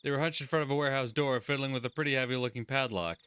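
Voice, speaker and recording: A man's voice: medium pitch, fairly even intonation, rapid-fire, a bit bright, smooth, dry recording. A man hosting a let's-play, reading game narration aloud and adding crude, sarcastic commentary.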